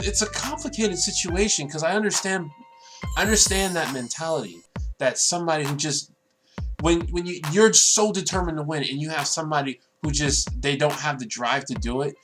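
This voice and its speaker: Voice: medium pitch, lively intonation, normal speed, music in the background. A show reviewer giving a casual, earnest and emotional episode review who talks at length.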